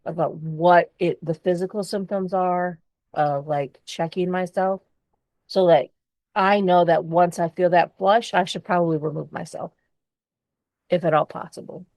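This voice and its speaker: Podcast co-host, woman, lower voice, frank and expressive, dry studio sound. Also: unhurried, no echo. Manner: candid and expressive, swears freely. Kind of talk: casual chat.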